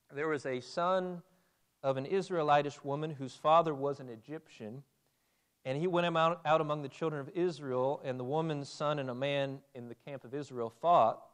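Guy preaching a bible sermon, talks casually and asks questions, smooth voice. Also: a little high. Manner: conversational, asks the audience questions.

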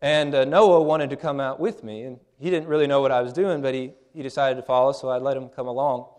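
A man's voice: mid-range voice, fairly even intonation, brisk, a little mellow. A man in his thirties preaching a sermon in an earnest, plain-spoken way, often restarting his phrases.

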